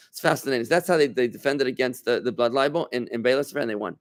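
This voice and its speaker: A man's voice: mid-range voice, fast, hardly any pauses. A rabbi leads an informal class for a small group gathered in a room. He talks in a loose, conversational way, often restarting his sentences. He keeps turning to his listeners with questions.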